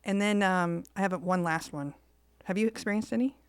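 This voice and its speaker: A woman's voice: on the low side, a little fast, smooth, no room sound, clean studio sound. A woman co-hosting a podcast, telling a story in casual chat and acting out the quoted lines. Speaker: podcast co-host.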